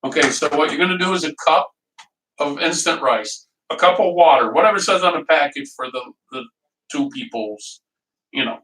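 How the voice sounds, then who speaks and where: Recorded from a distance in an echoey kitchen, a man with a fairly high, bright, forceful voice talks at a normal pace. He's running a relaxed live cooking stream, chatting loosely, laughing frequently and saying hello to viewers by name.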